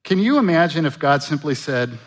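A man's voice: a little high, brisk. A man preaching a sermon, asking the congregation questions and acting out the voices of biblical figures. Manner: animated, acts out Bible voices, rhetorical questions. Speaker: pastor.

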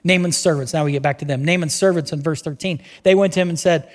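A man with a voice on the high side preaches a sermon as pastor, speaking quickly with few pauses. He tells the story energetically, acting out the voices of the people in it, in a reverberant church hall.

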